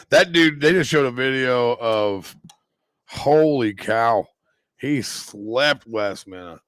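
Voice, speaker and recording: A man hosting a live stream, reacting to fights with rambling, excitable commentary. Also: mid-range voice, clean tone, dry recording. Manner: excitable, rambling, quick exclamations.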